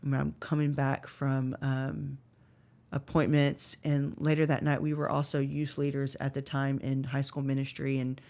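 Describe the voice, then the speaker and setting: A woman in her thirties speaks in an extremely low, monotone yet warm voice at a normal pace. Guesting on a podcast, she earnestly relates an emotional story of faith and struggle, with frequent fillers.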